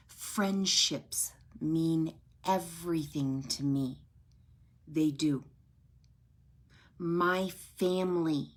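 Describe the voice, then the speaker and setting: A woman tells her own story to listeners who follow her, earnest and heartfelt, often checking in with them. Her voice sits on the low side for a woman, and she takes her time, speaking slowly and deliberately. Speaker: author sharing her story. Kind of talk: personal testimony to followers.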